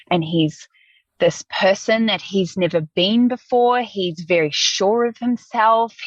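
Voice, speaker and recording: A woman's voice: mid-range voice, a bit bright, dry recording, lo-fi sound. A middle-aged woman, a podcast guest, speaking openly and reflectively about her personal life, with frequent ums. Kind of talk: candid personal storytelling.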